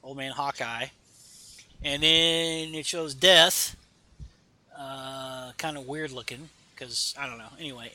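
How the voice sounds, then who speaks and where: Man, higher voice, very bright tone, casual rambling comic recap, lots of uh's. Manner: rambling, many fillers, reads dialogue aloud. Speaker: podcast host reading a comic aloud. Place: home.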